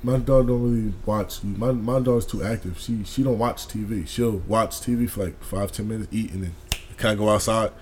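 A man co-hosting a podcast, talking in an animated, slangy and emphatic way in casual chat. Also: lowish voice, normal speed. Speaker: podcast co-host.

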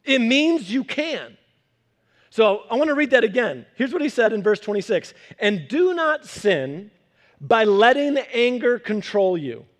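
A young man preaching a sermon in an animated, conversational way, acting out quotes as he goes. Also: high voice, moderate pace. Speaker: pastor.

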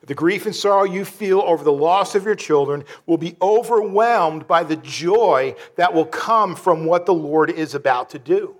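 Speaking earnestly, a male pastor stumbles through his sermon with many restarts and fillers. When he reaches sorrowful phrases, he goes low and soft.

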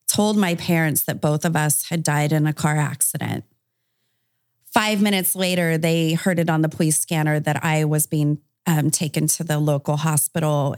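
A woman's voice: sits low, no room sound, clean studio sound. A woman guest on a podcast interview, recounting a personal story in a candid, conversational way, often using fillers.

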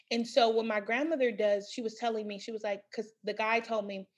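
Husky-voiced woman in her thirties, pitch a bit high, telling a dating story fast and animated, laughs as she talks. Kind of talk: casual chat.

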